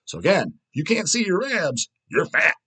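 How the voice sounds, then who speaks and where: A man's voice: a little high, huge pitch swings, normal speed, bright, forceful tone, husky. A man in his thirties hosting his own channel, reading viewer comments and answering in a blunt, profane, casual rant with frequent laughs. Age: 30s.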